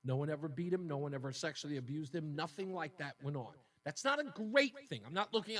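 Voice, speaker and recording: Male talk radio host, high-pitched, indignant and emotional, a little off mic. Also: a bit bright, distant mic. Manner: indignant, emotional, repeats points for emphasis.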